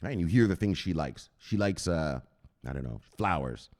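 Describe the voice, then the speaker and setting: A man hosting a crypto channel, chatting excitedly and profanely, who shouts out exclamations and then drops to low mutters. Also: moderate pace. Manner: swings between loud bursts and low mutters. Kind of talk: excited unscripted livestream chat.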